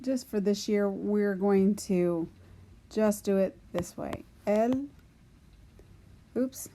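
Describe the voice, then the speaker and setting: A woman's voice: mid-range voice, fairly even intonation, takes it slowly, dark tone. A woman teaching a recorded grammar lesson, patiently explaining and talking to herself as she writes on a board. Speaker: Spanish teacher.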